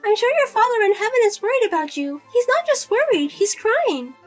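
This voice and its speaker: A woman's voice: very high-pitched, very animated, fairly quick, faint music behind. A woman playing a pushy, self-pitying widowed mother who keeps guilt-tripping her daughter and asking for money, in a narrated drama. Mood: nagging. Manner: nagging, whiny, guilt-tripping.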